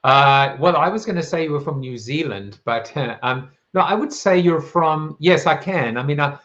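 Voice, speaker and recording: A man with a South African accent hosting a live talk show, rhetorical and playful with quick asides. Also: on the high side, animated, a bit bright, highs cut off. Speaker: show host.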